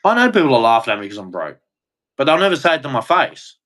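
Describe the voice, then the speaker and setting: A man's voice: mid-range voice, big pitch swings, quick pace, a bit bright. Heated ranting Australian man. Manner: blunt, crude, heated, repetitive. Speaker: livestreamer. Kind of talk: angry ranting monologue.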